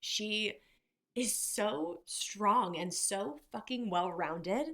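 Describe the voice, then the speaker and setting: A woman's voice: medium pitch, expressive, very slow, gravelly, sharp tone. A young adult woman hosting a podcast, chatting candidly and swearing freely, with frequent restarts. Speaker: podcast host. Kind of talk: casual chat.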